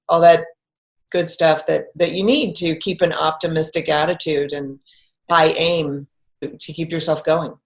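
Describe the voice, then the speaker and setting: A woman's voice: deep voice, a little slow. A middle-aged woman recounting a personal story in conversation, acting out the quoted lines as she goes. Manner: animated, acts out quoted lines. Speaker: guest telling a personal story.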